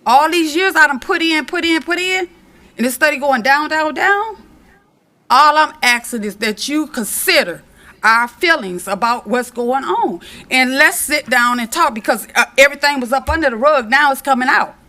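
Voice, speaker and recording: Middle-aged woman from michigan speaking up at a city council meeting, high bright voice, fired up and repeating herself to make a point. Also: moderate pace. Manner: impassioned, repeats phrases for emphasis. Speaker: resident giving public comment. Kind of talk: public comment speech. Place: city commission meeting chamber.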